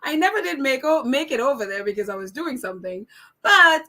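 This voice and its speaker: A woman with a high, bright voice hosts a casual live chat. She reads viewer comments aloud, laughs easily, and keeps stopping to correct herself and apologize. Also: lively intonation, brisk. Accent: non-American accent. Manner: chatty, laughs often, apologetic and self-correcting. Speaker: live stream host reading viewer comments.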